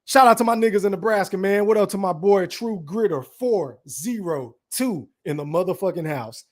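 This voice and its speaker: A man's voice: high voice, normal speed, darkish tone. A young man from Dallas, hosting a casual live stream, reading chat comments aloud and ranting in profane slang. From Dallas, Texas.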